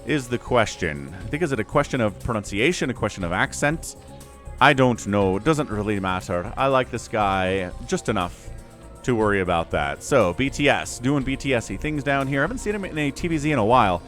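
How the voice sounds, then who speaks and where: Male esports caster, animated pitch, casual rambling delivery, soft music bed. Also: fairly quick. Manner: chatty, rambling asides, self-correcting. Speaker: game caster. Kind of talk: solo esports commentary.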